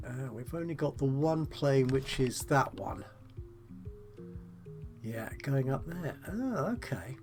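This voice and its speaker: Slow, musing man. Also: fairly high pitch. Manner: musing, self-deprecating, politely chatty. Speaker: let's play host. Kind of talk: gameplay commentary, thinking aloud.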